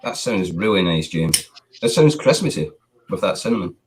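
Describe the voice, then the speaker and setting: A man chatting casually over a computer call, friendly and quick to laugh. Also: low voice, big pitch swings, crowd noise. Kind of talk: casual chat. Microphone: computer mic on a call.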